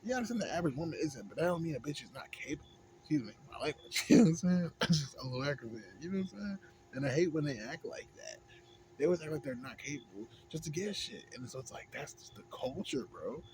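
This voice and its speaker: A young American man ranting casually at home, rambling with heavy slang and constant swearing, sliding from mumbling to loud, heated outbursts. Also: on the high side, lively intonation, fast. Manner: rambling, heavy slang and swearing, frequent "you know what I'm saying". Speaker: vlogger. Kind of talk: casual profane rant. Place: indoors at home, smoking a pipe. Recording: home recording with clear background noise.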